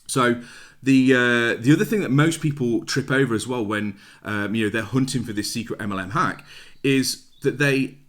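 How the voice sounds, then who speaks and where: A man's voice: mid-range voice, normal speed, a bit bright. A middle-aged British man talking casually to camera, blunt and plain-spoken, repeating his points for emphasis. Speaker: network marketing vlogger. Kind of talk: casual motivational talk to camera.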